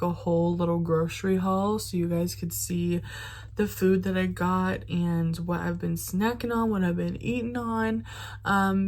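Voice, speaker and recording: A woman's voice: fairly low pitch, a little mellow. A woman vlogging in a casual, candid chat, talking straight to her viewers with fillers and the odd swear.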